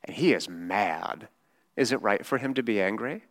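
A man's voice: lowish voice, lively intonation, moderate pace, a bit bright. A man preaching a sermon in a casual, conversational way. He is emphatic and often checks in with rhetorical questions.

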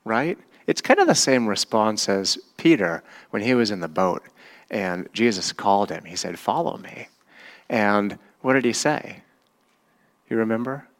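Unhurried low-voiced male preacher. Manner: conversational, asks the congregation questions. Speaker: pastor. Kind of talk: sermon.

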